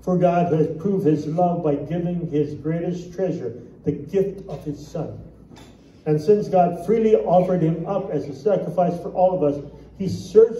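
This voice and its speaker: Animated preacher in an echoey church. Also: male voice, a little high, distant mic, muffled recording, a little hiss or hum. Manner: animated preaching with jokes and scripture readings. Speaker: pastor. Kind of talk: sermon. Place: church sanctuary.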